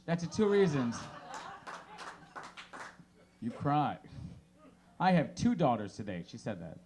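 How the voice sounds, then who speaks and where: A man in his thirties doing a stand-up comedy set of deadpan one-liners on a small bar stage, through a handheld mic. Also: medium pitch, slow pace, long pauses, slight background noise.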